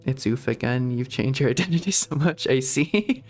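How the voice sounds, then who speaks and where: A man's voice: mid-range voice, animated, normal speed, soft background music. Playful man streaming a game. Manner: playful, rambling, laughs often. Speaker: VTuber streamer. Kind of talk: casual live game commentary.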